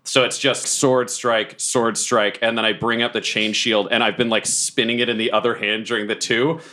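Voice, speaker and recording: A young man playing a tabletop role-playing game, describing his warrior's attacks and bursting into dramatic in-character shouts. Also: mid-range voice, flat delivery, normal speed. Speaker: player.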